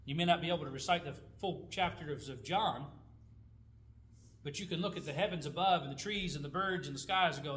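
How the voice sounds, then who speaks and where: A man with a fairly high, slightly bright voice teaches a Bible study, speaking fairly quickly and conversationally. He poses rhetorical questions to his listeners and reads scripture passages aloud, with a little hiss or hum in the recording.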